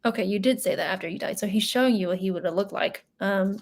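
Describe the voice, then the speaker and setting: Speaking quickly with vocal fry at a medium pitch, a young adult tarot and psychic reader chats her way through a live reading. She's emotional and casual, her talk full of fillers and small laughs.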